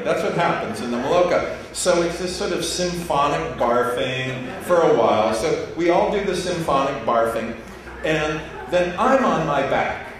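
A man telling a story to a live audience, animated and laughing as he goes. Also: a little high. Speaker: speaker. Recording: echoey hall, distant mic, noisy.

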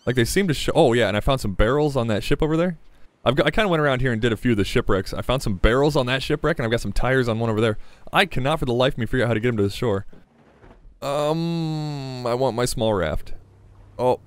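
A man's voice: mid-range voice, no room sound. Chatty young man narrating gameplay. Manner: chatty, excitable, swears freely, talks to the game. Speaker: gaming YouTuber. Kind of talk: casual let's-play commentary.

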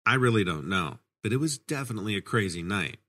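Lively low-voiced male horror narrator. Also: fast. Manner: casual, conversational storytelling. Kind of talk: scripted first-person horror narration.

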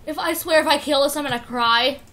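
A young woman commentating her own Pixelmon let's play, rambling casually and bursting into excited shrieks. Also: high voice, brisk. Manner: chatty, swings from mumbling to excited shrieks. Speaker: gaming YouTuber.

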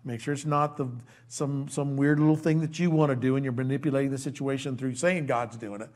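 An older pastor with a mid-range voice preaches a fairly quick, conversational verse-by-verse sermon, folksy and animated, acting out quoted lines and dropping into quiet asides.

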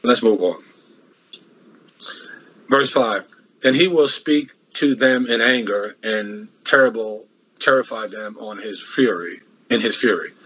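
Husky man preaching a Bible lesson. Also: fairly low pitch, unhurried, a bit bright, dull audio. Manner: repetitive, restarts often, rhetorical questions. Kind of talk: Bible class sermon.

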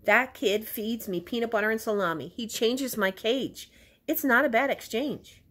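A woman's voice: a little high, normal speed, a bit bright, pitched above the performer's own voice. A woman voicing a smug, sulky male rabbit from a children's storybook, talking in a dismissive, offhand way.

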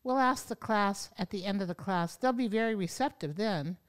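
A woman voicing a calm, gentle male spiritual teacher who repeats himself softly. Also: medium pitch, clear, resonant tone, close to an everyday voice. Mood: serene. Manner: slow, gentle, repetitive.

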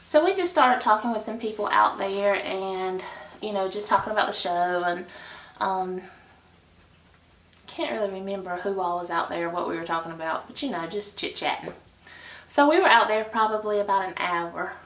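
Woman vlogger, gushing chatty storyteller, mid pitch, echoey room. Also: normal speed, fairly bright tone. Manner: chatty and gushing, with sighs and laughs. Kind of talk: casual storytime.

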